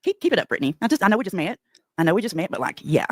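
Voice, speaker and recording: A woman's voice: fairly low pitch, animated, very fast, no echo, clean studio sound. Brash, profane East Tennessee woman. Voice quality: brash, profane Southern drawl. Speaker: livestreamer. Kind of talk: profane confrontational livestream rant.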